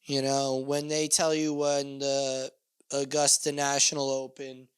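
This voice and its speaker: A man's voice: mid-range voice, monotone, measured pace, clean tone, no echo. A young man hosting a podcast, talking alone in a rambling, joking and profane way that often mocks himself. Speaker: podcast host. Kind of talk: casual podcast monologue.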